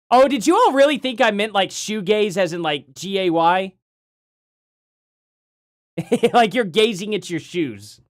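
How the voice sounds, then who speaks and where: A man's voice: high voice, no echo. A man chats his way through a live stream, rambling from thought to thought and laughing often. His voice swings up and down freely as he talks. The sound is dry and close, with no room around it. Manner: rambling, chatty, laughs often, reads chat aloud. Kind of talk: casual live stream chat.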